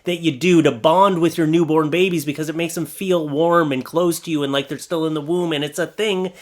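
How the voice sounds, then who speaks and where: A man's voice: a little high, fairly even intonation, a little fast. A man hosting reaction commentary, sarcastic and exasperated, mocking what he reads. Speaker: commentary host.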